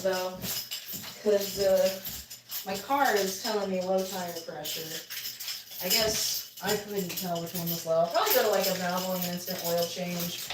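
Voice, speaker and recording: A woman's voice: lowish voice, heavy background noise. An American woman chatting casually on a live stream from an outdoor cat enclosure, laughing easily and talking to her viewers. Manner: chatty, laughs often, baby-talks to her cats.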